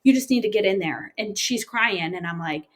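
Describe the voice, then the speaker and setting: Woman recounting a hard story, halting. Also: medium pitch, lively intonation. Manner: plain, halting retelling with frequent fillers. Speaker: interview guest. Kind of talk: personal storytelling interview.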